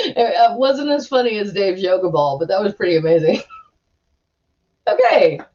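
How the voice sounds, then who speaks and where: A woman's voice: medium pitch, lively intonation, slow, muffled recording. A woman hosting a live stream, chatting casually in a giggly, rambling way with lots of restarts.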